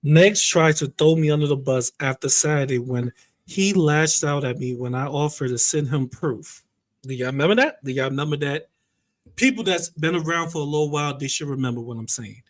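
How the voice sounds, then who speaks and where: A man's voice: a little high, a little fast. A man giving casual drama commentary, chatting straight to his viewers and reading documents aloud. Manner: chatty, addresses viewers directly; laid-back, reads documents aloud.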